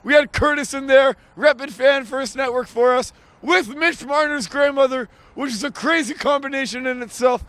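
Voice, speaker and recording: A man hosting a casual sports podcast outdoors in the freezing cold, joking, loud and excitable. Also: very high-pitched, moderate pace, dry recording. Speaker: podcast host.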